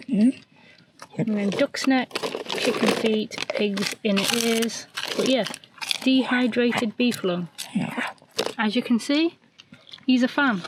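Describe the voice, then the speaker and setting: A woman's voice: fairly high pitch, takes it slowly, long pauses, very noisy. A woman vlogging in a chatty, self-mocking way, sometimes talking to her dog. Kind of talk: casual vlog narration. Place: outdoors on a dog walk and in a campervan.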